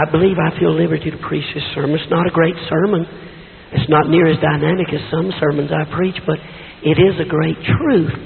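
A middle-aged man preaching a sermon in a church with a hoarse, weak voice, telling folksy stories with self-deprecating asides. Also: on the high side. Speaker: visiting preacher. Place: church sanctuary. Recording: tinny echoey church recording with hiss.

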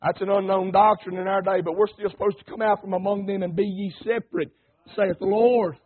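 A man preaching a folksy, rousing sermon that swings between plain talk and loud calls. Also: sits high, steady tone, brisk, husky. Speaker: pastor. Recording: lo-fi phone-like radio broadcast.

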